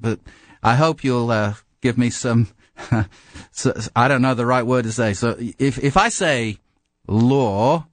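English pastor, dry close voice. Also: male voice, mid-range voice, no echo. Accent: English with a slight American twang. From England. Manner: conversational, self-deprecating humor. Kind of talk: sermon.

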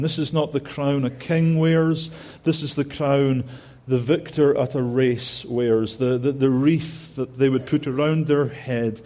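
A man's voice: mid-range voice, steady tone, a little slow, mellow. A man preaching an expository sermon, talking earnestly and repeating phrases for emphasis, with frequent restarts.

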